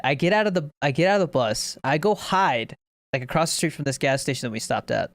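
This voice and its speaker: A man's voice: a little high, lively intonation, quick pace, dry recording. A young man co-hosting a podcast, rambling through game stories in casual chat and laughing at them. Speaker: podcast co-host.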